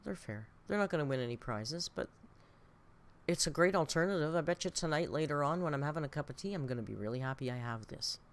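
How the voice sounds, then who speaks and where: A woman's voice: deep voice, animated, quick pace. A woman hosting a casual live reaction stream from home, chatty and laughing as she scolds her cat between remarks. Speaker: reaction channel host.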